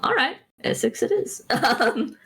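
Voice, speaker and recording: Halting, giggly woman streamer. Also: high voice, animated, gravelly, a bit bright, breathy edge. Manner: rambling, halting, lots of restarts and giggles. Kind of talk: casual stream chat.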